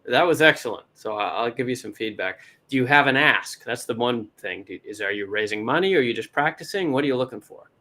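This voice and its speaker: A man with a relaxed West Coast American accent talks through feedback on a pitch. He is chatty and encouraging, and he often stops mid-thought to start over. His pitch sits in an ordinary middle range. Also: fairly quick, few pauses. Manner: chatty, encouraging, self-interrupting. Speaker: startup advisor and event host.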